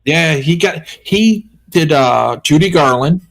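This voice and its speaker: A man's voice: a little high, animated, slow pace. A man on a casual stream, telling rambling anecdotes and acting out what people said. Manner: rambling anecdotes with laughs and acted-out quotes. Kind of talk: casual storytelling chat.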